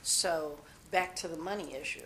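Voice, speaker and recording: A woman's voice: low voice, moderate pace, background noise. A woman being interviewed, telling personal stories in a rambling, candid way and often restarting her sentences. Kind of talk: personal storytelling.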